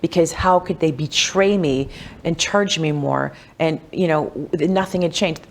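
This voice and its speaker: A woman, a wealth coach, telling personal stories in a casual podcast interview, animated and chatty, with lots of "like" and "you know.". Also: a little slow, vocal fry. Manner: animated, acts out quoted voices with big pitch jumps.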